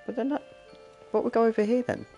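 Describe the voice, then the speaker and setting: A man's voice: very high voice, steady tone, fast talker, mellow, dull audio, faint music behind. A man giving casual commentary while playing a video game. He puzzles aloud and jokes to himself. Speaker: gaming streamer.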